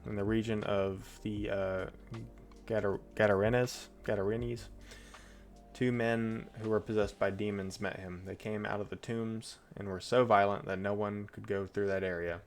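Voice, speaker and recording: A man's voice: fairly low pitch, level tone, normal speed, soft background music. A man streaming, reading Bible passages aloud and breaking off into chatty, loose asides. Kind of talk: casual Bible reading with commentary.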